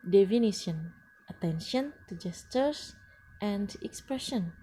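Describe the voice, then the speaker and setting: A woman, not a native English speaker, lecturing on English pronunciation with frequent pauses and restarts. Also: medium pitch, dark tone, a little hiss or hum. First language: Indonesian. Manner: slow and hesitant, frequent uh fillers and restarts. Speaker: English teacher. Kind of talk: lecture presentation.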